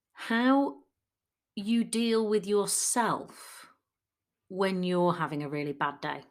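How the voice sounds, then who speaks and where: A woman coach giving a chatty solo podcast talk. She acts out quoted people in lively voices. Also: mid-range voice.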